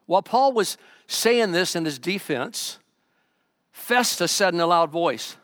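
A man preaching a sermon as pastor, emphatic and urgent, swinging between loud pushes and quiet asides. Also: high voice, lively intonation, measured pace, dry recording, studio quality.

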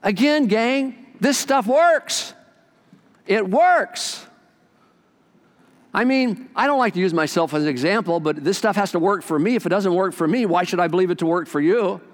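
An older male pastor preaches with eager, storytelling energy, his voice sitting a little high for a man. He jumps from loud exclamations down to quiet, hushed lines. The sound rings with a long reverb, as in a large church hall. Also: normal speed. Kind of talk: sermon.

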